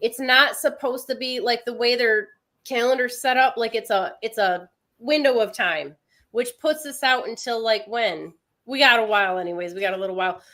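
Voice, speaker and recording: A woman's voice: a little high, moderate pace, bright, forceful tone. A woman co-hosting an astrology livestream in casual, chatty talk, explaining things plainly and greeting viewers.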